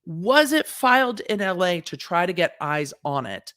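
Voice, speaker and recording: A woman's voice: on the low side, unhurried, dry recording, studio quality. A woman lawyer hosting a casual legal commentary, reading court papers and acting out the judge's lines with sass. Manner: animated, sassy, acts out the court's lines in quotes.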